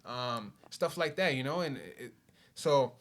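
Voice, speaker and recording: A man's voice: mid-range voice, animated, measured pace, a bit bright. A man, telling his life story on a podcast in a laid-back way, swearing often and saying "you know" a lot. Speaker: podcast guest. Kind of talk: casual storytelling.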